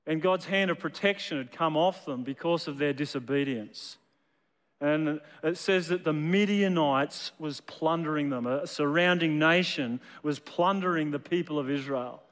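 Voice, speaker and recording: A man's voice: a little high, normal speed, a bit bright, big-room sound. A man preaching a sermon as a storyteller, often repeating his words as he builds a point. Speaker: pastor.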